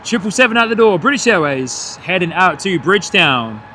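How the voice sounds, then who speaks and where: A man hosting a live plane-spotting stream from a hotel above the runway, excitedly calling out departures and greeting viewers. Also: high-pitched, normal speed, slight background noise. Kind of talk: live commentary. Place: hotel third floor overlooking an airport runway.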